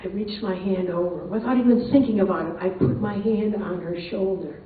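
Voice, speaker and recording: A woman's voice: mid-range voice, brisk. Older woman storyteller, chatty and amused; tinny sound, very echoey hall, far from the mic. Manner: chatty, amused, laughs often. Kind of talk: live personal storytelling. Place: performance hall.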